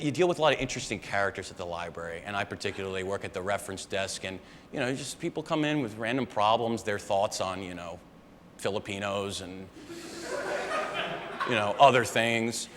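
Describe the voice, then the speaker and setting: A man's voice: lowish voice, fairly bright tone. A young man doing a live stand-up set, rambling and conversational and swearing often. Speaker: stand-up comedian. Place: live comedy venue with audience. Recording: live room reverb, faint background noise.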